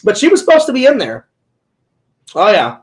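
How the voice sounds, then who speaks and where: High-voiced man hosting a rambling chat. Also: huge pitch swings, moderate pace, rough recording. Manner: rambling, playful storyteller, joking. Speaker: interview host, Twitch streamer. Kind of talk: casual chat.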